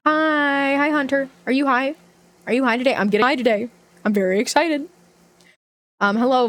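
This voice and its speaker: Young female streamer, bubbly and giggly, unhurried talk, slightly high voice. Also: a bit bright. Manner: bubbly, greets chat by name, giggly. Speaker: livestreamer. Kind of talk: casual stream chat.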